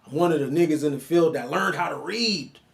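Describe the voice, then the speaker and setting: A man giving an animated commentary monologue, mocking and lecturing the person he addresses. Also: fairly high pitch, fairly quick, vocal fry. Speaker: online commentator.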